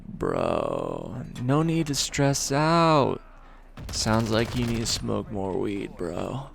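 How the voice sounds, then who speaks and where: A man's voice: medium pitch, big pitch swings, creaky, slight background noise, heavily acted. A man putting on a stoned, drawling slacker. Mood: lazy drawl. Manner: drawling, unhurried, keeps saying bro. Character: slow, stoned young man, laid-back and clueless.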